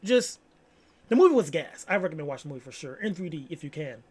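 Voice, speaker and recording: A man's voice: fairly high pitch, sing-song, fast, darkish tone, breathy edge. A young man rambling in casual solo chat, slangy and full of fillers. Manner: rambling, heavy on "like" and "bro", slangy. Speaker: vlogger.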